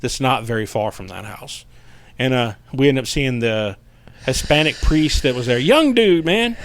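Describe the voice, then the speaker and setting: A man, a paranormal investigator guest telling a story in casual podcast chat, animated and profane, acting out what people said. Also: medium pitch, normal speed, slight background noise.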